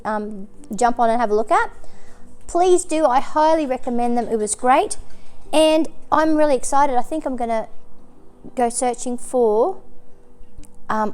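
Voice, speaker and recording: A woman's voice: a little high, clean tone. A woman hosting a crochet and knitting channel, chatting casually to camera in a rambling way, with frequent ums and self-corrections.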